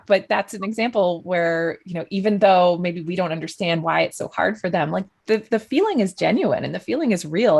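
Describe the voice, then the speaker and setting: A woman's voice: on the low side, gravelly, slightly rough. A woman guest on a podcast, speaking thoughtfully with many fillers and restarts. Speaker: guest, journalist. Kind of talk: conversational podcast interview.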